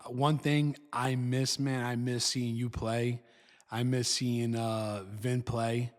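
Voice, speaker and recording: A man's voice: medium pitch, level tone, takes it slowly, long reverb tail. A middle-aged man with a New Jersey accent, a father and co-host teasing his son in casual chat, blunt and fond of saying "man". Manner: teasing, blunt storyteller, says "man" often.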